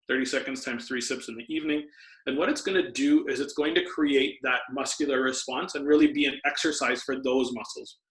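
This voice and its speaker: A man's voice: medium pitch, fairly bright tone. A man, a doctor, patiently explaining health tips as a podcast guest. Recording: roomy echo.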